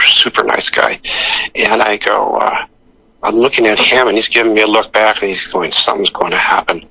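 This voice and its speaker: A man's voice: fairly low pitch, creaky, sharp tone, poor audio. An older man, an actor guest on a radio interview, telling rambling anecdotes full of restarts and acting out the voices of the people he quotes. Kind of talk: anecdotal storytelling.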